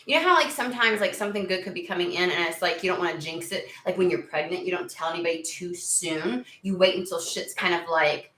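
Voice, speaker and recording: A woman giving a casual tarot reading to her viewers, chatty and excitable, swearing freely and talking through plenty of fillers. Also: fairly low pitch, fast, few pauses, echoey room, low-quality recording. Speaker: tarot reader.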